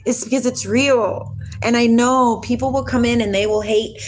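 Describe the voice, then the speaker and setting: A woman hosting a casual spiritual livestream from home. She rambles from topic to topic and reads viewer comments aloud. Her pitch jumps around a lot as she gets worked up. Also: moderate pace, slight background noise. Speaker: livestream host.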